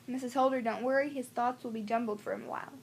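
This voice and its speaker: A woman voicing a short male hospital doctor, calm, matter-of-fact and reassuring. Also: on the high side, fast, a little hiss or hum, close to an everyday voice.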